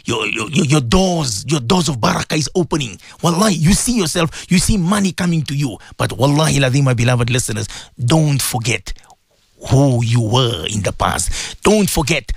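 A man presenting live on radio, giving religious advice in an emphatic, repetitive way that swings between loud exhortation and low earnest tones. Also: husky, no echo, studio quality. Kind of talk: live radio preaching talk.

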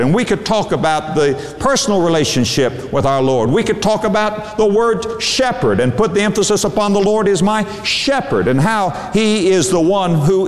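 A man preaching a sermon, leaning hard on single words and drawing them out. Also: on the high side. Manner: emphatic, drawn-out stresses on single words. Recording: long hall reverb.

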